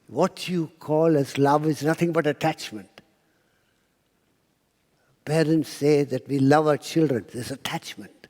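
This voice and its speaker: A man's voice: medium pitch, gravelly, a little mellow, long reverb tail. A man giving a spiritual talk to an audience, telling stories and acting out quotes, sometimes dropping to a near-whisper. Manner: storytelling lecturer, acts out quotes, drops to near-whisper. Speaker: spiritual speaker. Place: lecture hall with audience.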